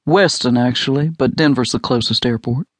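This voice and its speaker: A man voicing a smooth, seductive suitor. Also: moderate pace, no room sound, natural voice. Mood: flirting. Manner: low, teasing and assured. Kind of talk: audiobook romance dialogue.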